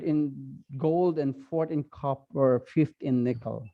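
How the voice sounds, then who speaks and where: A man with a Filipino accent, a priest giving an online talk, speaking slowly and haltingly with many fillers. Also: mid-range voice, narrow, tinny audio. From Philippines. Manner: slow, halting, with frequent fillers.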